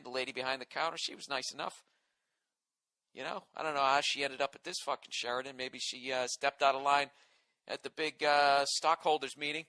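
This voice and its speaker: A man's voice: medium pitch, bright, forceful tone, no room sound. A man hosting a comedy podcast, telling a story in a profane, sarcastic, exasperated rant.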